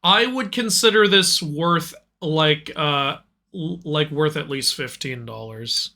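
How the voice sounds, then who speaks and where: A man's voice: a little high, takes it slowly, pushed and bright. A man hosting a casual podcast chat, laughing often and restarting his sentences. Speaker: podcast host.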